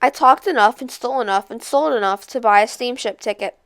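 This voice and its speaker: A young woman casually introducing, then reading a novel aloud with expressive character voices. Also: a little high, brisk, no echo. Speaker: read-aloud host.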